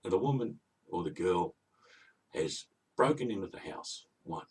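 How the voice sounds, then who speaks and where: A deep, husky man tells an old fairy tale as a comic rant, grumbling and indignant, wandering off into asides. He sits some way back from the microphone. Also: animated, measured pace, darkish tone, recorded from a distance. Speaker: comic storyteller.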